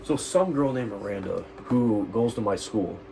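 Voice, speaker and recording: A man's voice: on the low side, expressive, moderate pace, vocal fry, dark tone, a little hiss or hum, rough recording. A teenage guy on a stream, ranting angrily and swearing a lot, rambling and restarting his sentences. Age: teens. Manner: agitated and profane, rambling with restarts. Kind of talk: angry personal rant.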